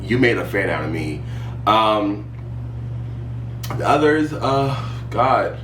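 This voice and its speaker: A sassy man chatting about reality TV, his voice leaping from low to high with emphatic repeats. He sits back from the mic in an echoey room. A faint hum runs underneath. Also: takes it slowly. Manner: sassy, animated, emphatic repetition. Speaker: podcast host. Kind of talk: casual reality TV commentary. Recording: roomy echo, distant mic, faint hum.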